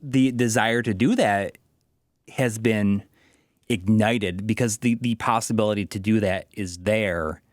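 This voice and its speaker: A slightly tipsy man with a low voice muses aloud as a podcast co-host. He talks in loose, wandering thoughts. The sound is dry, with no room echo. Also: a little slow. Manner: musing, loose and rambling. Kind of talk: casual chat.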